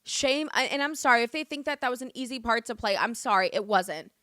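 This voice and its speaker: Bright, emphatic young woman vlogger. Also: fairly high pitch, lively intonation, a little fast, dry recording, clean studio sound. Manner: emphatic, swearing, rambling restarts. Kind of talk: casual opinion chat.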